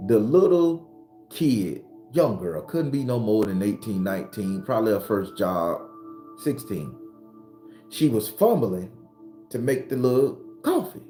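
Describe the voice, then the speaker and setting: A man's voice: on the low side, big pitch swings, unhurried. Blunt, profane preacher-like man. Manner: blunt, profane, preachy, rising to shouts when retelling arguments. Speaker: spiritual advisor and channel host. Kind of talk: impassioned motivational monologue. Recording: roomy recording with faint background music.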